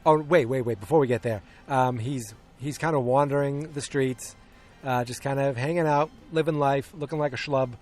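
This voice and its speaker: A man's voice: medium pitch, fairly even intonation, normal speed, darkish tone, soft background music. A man hosting a podcast, casually recapping a film in a rambling, hesitant way, full of ums and restarts, and acting out the quoted lines. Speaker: podcast host.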